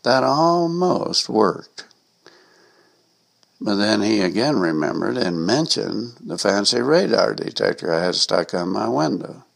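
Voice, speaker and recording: Low gravelly-voiced man telling a story. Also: animated, normal speed, hardly any pauses. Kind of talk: reading a personal anecdote aloud.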